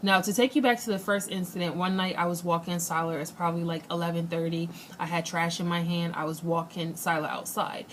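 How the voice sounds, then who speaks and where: Lower-voiced woman telling a story. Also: brisk, few pauses, slight background noise. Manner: animated retelling, acts out quotes. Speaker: vlogger. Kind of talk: casual storytelling.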